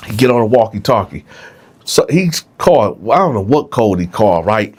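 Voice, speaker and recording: A man's voice: medium pitch, animated, fairly quick, a little mellow, breathy edge. A man telling a jail story casually, often checking in with the listeners. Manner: conversational, frequent "right?", addresses listeners.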